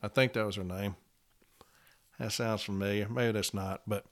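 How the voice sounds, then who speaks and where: A man speaking as a union representative in a casual podcast monologue. He tells his account plainly and repeats case numbers slowly. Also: lowish voice, fairly even intonation.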